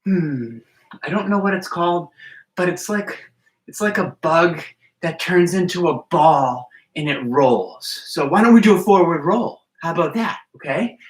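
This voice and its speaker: In a roomy, echoing gym, an encouraging gymnastics coach demonstrates moves and counts each one aloud, speaking simply to small children and parents during a movement class. The voice is medium-pitched, animated and unhurried, and it sits back from the mic.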